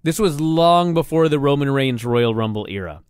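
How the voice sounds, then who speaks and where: A man's voice: medium pitch, animated, clean tone, no echo. Musing man debating wrestling, dry close sound. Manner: musing, argumentative, quick to react. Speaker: podcast co-host. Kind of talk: casual wrestling discussion.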